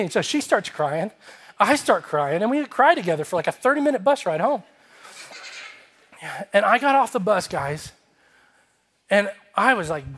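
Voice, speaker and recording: A male pastor preaching a sermon, telling a lively story and acting out its dialogue before moving into an appeal. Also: high-pitched. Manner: animated, acts out dialogue in his story. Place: church sanctuary.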